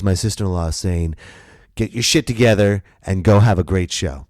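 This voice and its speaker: A man's voice: deep voice, normal speed, a little mellow, no room sound, studio quality. A man hosting his own podcast, telling a personal story in a casual, emphatic way, swearing and repeating himself for effect. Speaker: podcast host and comedian.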